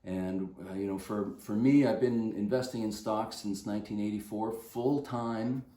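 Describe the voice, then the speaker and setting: A man's voice: on the low side, fairly even intonation, moderate pace, mellow, echoey room. An older man, a fitness coach, telling a rambling anecdote to the camera in a casual way, with many fillers and restarts.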